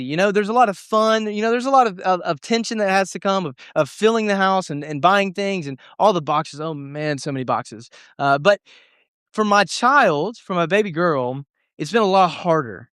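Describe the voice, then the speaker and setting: Young male youth pastor, earnest and emotional sermon, fairly high voice, dry sound. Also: fairly bright tone, clear, resonant tone, no room sound. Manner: earnest, emotional storytelling with many restarts.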